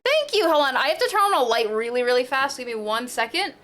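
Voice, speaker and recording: A woman livestreamer talks casually to her viewers in a high, bright voice. Her pitch leaps up and down as she squeals greetings and jokes around. She sounds bubbly and playful at a close desk microphone. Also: lively intonation, quick pace. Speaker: streamer. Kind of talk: casual live-stream chat.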